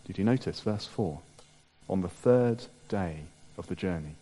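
A man preaching a sermon in an unhurried, dramatic way. He sinks to hushed low phrases, then builds to emphatic peaks. His voice rings with the long reverb of a large hall. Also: animated.

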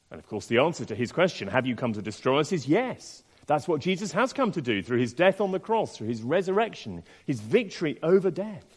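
Lively-voiced male preacher in a hall. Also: high-pitched. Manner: expressive, with many rhetorical questions. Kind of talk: sermon. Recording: long reverb in a large hall.

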